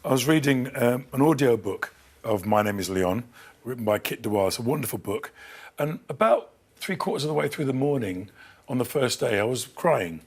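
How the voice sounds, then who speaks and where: A man's voice: mid-range voice, expressive, moderate pace, breathy edge. Enthusiastic man telling a story. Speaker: guest actor and producer. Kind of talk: casual studio chat.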